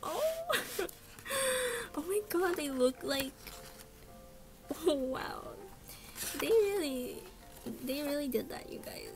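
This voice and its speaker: A young woman vlogger chatting casually through an unboxing, gasping and squealing with excitement. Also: sits high, slow pace, long pauses. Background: background music.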